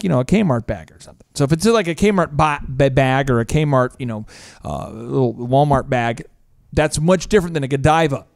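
A man hosting a business podcast, talking in an animated, jokey way with quick asides and playful impressions. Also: medium pitch, no echo, studio quality. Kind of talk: energetic casual business talk.

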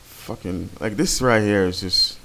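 Here a gameplay commentator speaks in a fairly low voice that sounds pushed and bright, taking his time. He rambles casually over the footage, cursing often and restarting lines again and again.

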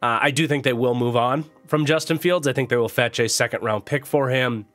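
A man with a stuffy, nasal voice, still getting over a cold, talks through his football analysis like a casual chat. He speaks at a middle pitch, thinking aloud and restarting sentences as he goes. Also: steady tone, fairly quick, a bit bright. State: recovering from a cold. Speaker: football analyst and channel host. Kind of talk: casual commentary to camera.

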